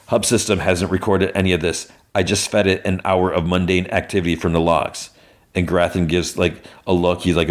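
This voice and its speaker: Casual male podcast host with a deep voice, chatty episode recap, quick half-acted quotes. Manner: animated retelling, lightly acting each character's lines.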